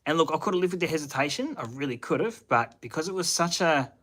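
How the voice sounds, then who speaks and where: Casting note: broad Australian bloke, bright, forward tone, rambling and slangy, live chat from the shed. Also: male voice, a little high, lively intonation, quick pace. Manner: rambling, thinks aloud with restarts and Aussie slang. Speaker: channel host answering live chat. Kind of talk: casual livestream chat. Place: home shed at night.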